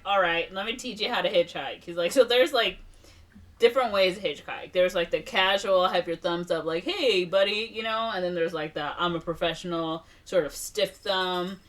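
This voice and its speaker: A young podcast co-host with a somewhat low, slightly bright voice casually recaps a movie plot, acting out the characters' lines and using lots of fillers. She sounds far from the mic.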